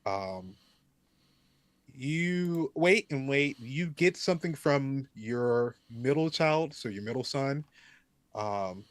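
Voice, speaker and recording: A man narrating a tabletop role-playing game as game master, pausing often with ums as he thinks. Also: mid-range voice, lively intonation, no echo. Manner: slow, hesitant, many ums.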